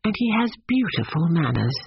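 A man reading an audiobook, voicing a fussy, indignant middle-aged mother with a brisk, scolding manner. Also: fairly high pitch, big pitch swings, creaky, breathy edge, dry recording, muffled recording, pitched above the performer's own voice, full character voice.

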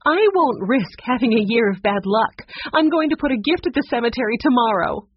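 A narrator voicing a superstitious, well-dressed woman who insists loudly that the ghost is real. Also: medium pitch, animated, normal speed, husky, voice pushed up. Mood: insistent. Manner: insistent, raised voice. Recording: dull, slightly lo-fi recording.

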